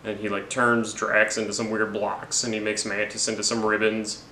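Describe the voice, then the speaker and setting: A man's voice: on the low side, level tone, moderate pace, pushed and bright, a little hiss or hum. A man giving a rambling, jokey, profane movie recap. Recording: roomy with faint ambience.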